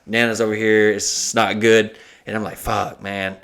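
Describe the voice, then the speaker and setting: A man's voice: lowish voice, completely flat delivery, normal speed, fairly bright tone. A man with a Southern US accent hosting a podcast, telling a crude story in a rambling, profane way and acting out the voices. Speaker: podcast host. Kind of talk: crude casual chat.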